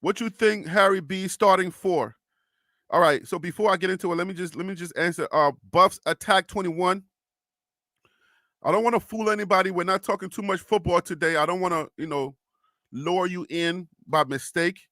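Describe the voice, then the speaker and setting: A man's voice: high voice, moderate pace, pushed and bright, dry recording, studio quality. A young man hosting a casual sports live stream, chatting loosely and reading viewer comments aloud with frequent laughs.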